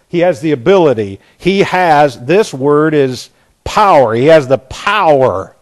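A man preaching an expository sermon, hammering home key phrases by repeating them and dropping into quiet asides. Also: on the high side, expressive, measured pace.

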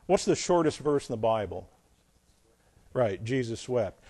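A male pastor preaching, reading scripture aloud and then explaining it with folksy asides and dramatic swings between loud emphasis and quiet remarks. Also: mid-range voice, very animated, a little slow, breathy edge, no echo. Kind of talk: sermon.

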